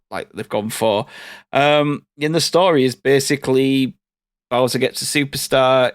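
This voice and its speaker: A man hosting a podcast, talking in a relaxed, rambling way with casual swearing. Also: fairly low pitch, clear, resonant tone, no echo. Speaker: podcast host. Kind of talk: casual chat.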